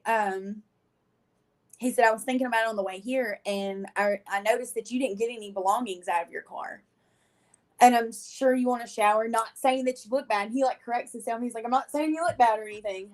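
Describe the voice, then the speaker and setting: Podcast guest: woman, slightly high voice, casual and animated storytelling. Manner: animated, laughs often, acts out quotes. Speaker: guest telling her story.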